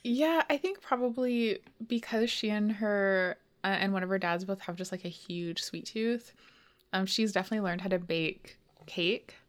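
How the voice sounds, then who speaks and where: Woman guest, mid pitch, thoughtful, unhurried casual chat.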